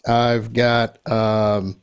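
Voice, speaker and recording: A man's voice: on the low side, little pitch movement, extremely slow, smooth. A man from Los Angeles hosting a podcast, talking in a chatty way full of ums and side remarks. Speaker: podcast host. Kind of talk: casual interview chat.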